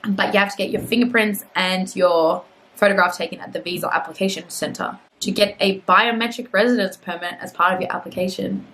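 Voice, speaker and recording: Young Australian woman, casual vlogger, mid-range pitch, chatty, self-deprecating, prone to mumbled asides. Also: steady tone, brisk, a bit bright, rough recording. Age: young adult. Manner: chatty and self-mocking, easily sidetracked, mutters asides. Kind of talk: casual vlog, reading a visa website aloud.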